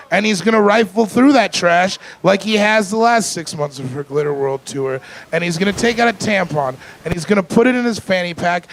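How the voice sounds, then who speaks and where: A high-pitched male comedian works a club stage, telling stories in a dry, deadpan way. His bits build into loud, excitable rants. The live recording has a lot of noise behind his voice. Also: creaky, rough recording. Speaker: stand-up comedian. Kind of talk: stand-up comedy set.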